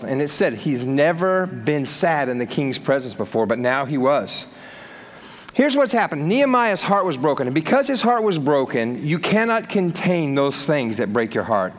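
A man preaching a sermon in a casual, animated way with slangy asides, in a church hall. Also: fairly high pitch. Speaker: pastor.

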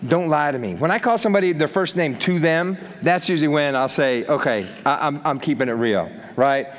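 Animated man preaching in a reverberant hall. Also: fairly high pitch, fairly quick. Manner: casual, animated preaching with slangy asides. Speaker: pastor. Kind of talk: sermon.

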